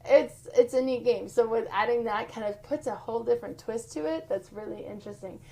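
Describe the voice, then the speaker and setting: A woman's voice: fairly high pitch, brisk, dark tone. Chatty woman reviewing board games. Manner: chatty, laughs often, many fillers. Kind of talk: casual review chat.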